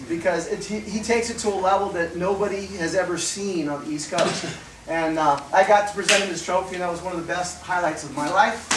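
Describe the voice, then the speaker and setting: A martial arts instructor giving a fast, animated tribute speech at a ceremony. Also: male voice, high-pitched, a little hiss or hum. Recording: echoey room, far from the mic.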